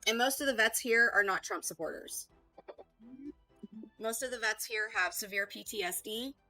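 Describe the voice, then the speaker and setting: A woman's voice: on the high side, moderate pace, pushed and bright, no room sound, faint music behind, poor audio. A woman hosting a heated reaction stream, talking back in a combative, sarcastic and profane way.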